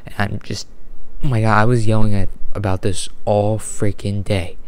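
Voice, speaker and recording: A man delivering an unedited, exasperated sports rant with frequent sighs, deliberately holding his volume down. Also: fairly low pitch, level tone, smooth. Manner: exasperated, sighing, ranting. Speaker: sports fan vlogger.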